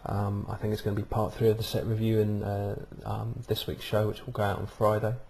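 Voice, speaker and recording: A man's voice: fairly low pitch, completely flat delivery, a little fast, vocal fry, a little mellow. A man hosting his own video blog, talking casually to a webcam and rambling with lots of "um"s and "uh"s. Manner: rambling, many ums and uhs. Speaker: vlog host. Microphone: webcam microphone.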